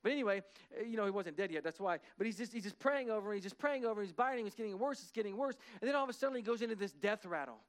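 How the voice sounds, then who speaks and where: Male pastor, higher-pitched, dramatic sermon storyteller, hushed to booming. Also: lively intonation, racing, few pauses. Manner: dramatic retelling, swings from hushed to loud.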